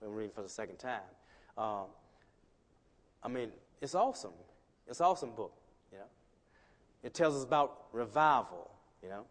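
A male pastor delivers a sermon in a church hall, his words trailing into a long reverb. He talks in a loose, conversational way, full of restarts, then rises into loud emphatic stretches. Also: mid-range voice, lively intonation, moderate pace, long pauses. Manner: builds from quiet asides to loud emphatic preaching; conversational, many restarts and "you know".

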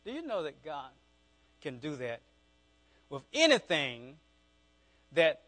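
A man's voice: a little high, huge pitch swings, slow pace, fairly bright tone. Southern man preaching a fervent sermon. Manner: preaches with rising, fervent calls and asides to the congregation. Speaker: pastor.

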